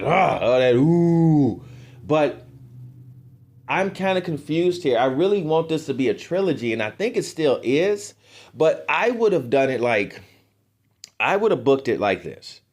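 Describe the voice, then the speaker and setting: A man co-hosting a wrestling podcast, ranting in casual, profane commentary, his voice jumping up when exasperated. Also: medium pitch.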